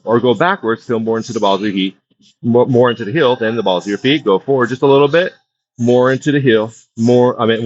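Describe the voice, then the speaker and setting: A man talks a class through a stretching routine in a relaxed, rambling coaching manner, circling back to the same cues about breath and balance. His voice sits at an ordinary middle pitch. The recording is dull and lo-fi, with a dry, close sound. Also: dry recording. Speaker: wellness instructor.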